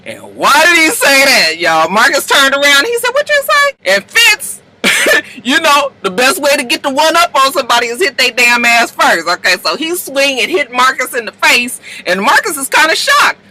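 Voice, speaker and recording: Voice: high-pitched, sing-song, normal speed, few pauses, bright, forceful tone, a little hiss or hum, poor audio. A speaker casually recapping a TV episode, telling the story with slang and acting out characters' lines along the way. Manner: salty slang, addresses viewers directly. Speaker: TV show recapper.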